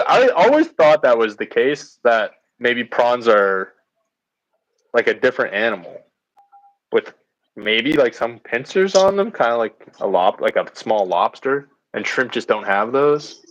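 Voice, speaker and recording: A man's voice: medium pitch, big pitch swings, normal speed, a bit bright, muffled recording. A man chatting casually on his pottery stream, joking and laughing often as he rambles along. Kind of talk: casual chat while doing pottery. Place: home pottery space.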